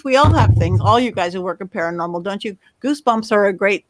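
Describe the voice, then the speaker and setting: A middle-aged woman on a panel, telling lively stories and acting out the quoted voices in them. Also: mid-range voice, fast talker, hardly any pauses, no echo, studio quality. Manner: animated storyteller, acts out quotes. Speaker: medium, panel guest. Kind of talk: casual panel chat.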